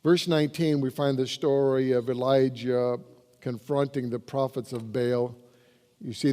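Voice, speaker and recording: A man's voice: mid-range voice, mellow. A man, the pastor, preaching a sermon and reading scripture aloud with rising emphasis. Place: church sanctuary. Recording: reverberant church hall.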